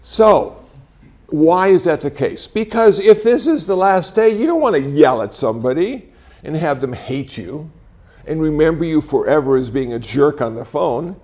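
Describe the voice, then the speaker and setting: In a slightly high voice at a moderate pace, a sixty-something man speaks conversationally to an audience at a talk venue. He spins animated stories with a wry sense of humor.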